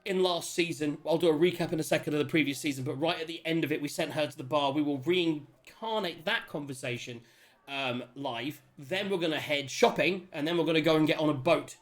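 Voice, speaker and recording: Excitable man with a high-ish voice. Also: fairly quick. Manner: excitable, rambling, many restarts. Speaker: host and player character. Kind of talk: casual chat opening a tabletop game stream.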